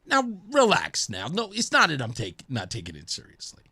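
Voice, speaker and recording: A man's voice: mid-range voice, huge pitch swings, moderate pace, pushed and bright, husky. A man hosting a talk radio show in a studio, joking and chuckling as he talks through his points. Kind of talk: casual talk radio monologue.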